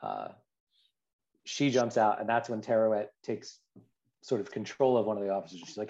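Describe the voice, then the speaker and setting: A man's voice: lowish voice, normal speed, vocal fry, pauses often, a little mellow. A man in casual chat, retelling scenes with hesitant restarts. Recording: dull lo-fi sound.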